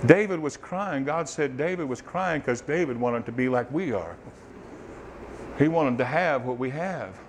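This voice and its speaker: A man preaching a sermon, swinging from loud fervent bursts to soft, murmured testimony. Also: medium pitch, lively intonation, unhurried, noisy background.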